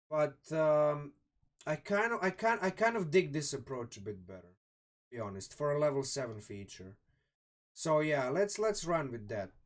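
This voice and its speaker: A chatty Croatian man with a slightly high voice reviews a game sourcebook during a live stream in casual commentary. He thinks aloud, restarting often and saying "um" a lot, and throws chatty asides to his viewers.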